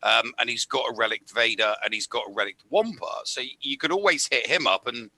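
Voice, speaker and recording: A man's voice: mid-range voice, fairly quick, sharp tone, no echo, low-quality recording. A man from Middlesbrough, chatting casually on a live gaming panel and often restarting his sentences. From Middlesbrough, England. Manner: chatty, stammering restarts, says "mate". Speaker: panel regular. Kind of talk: casual live game chat.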